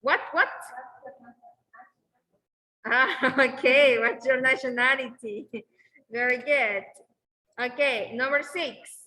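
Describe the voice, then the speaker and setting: A woman teaching an English class who explains slowly and keeps repeating okay and very good. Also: sits high, bright, forceful tone, low-quality recording.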